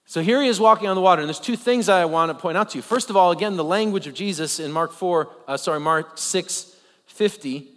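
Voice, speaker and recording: Animated preacher man in a big hall. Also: high voice, fairly quick. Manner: animated, with joking asides and rhetorical questions. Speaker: pastor. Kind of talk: conversational sermon. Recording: long reverb of a large hall.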